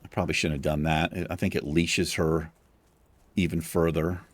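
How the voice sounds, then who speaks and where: A man's voice: rumbling low, level tone, normal speed, no echo. A young man casually commenting on his game and rambling through a story, swearing freely as he talks. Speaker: gaming streamer.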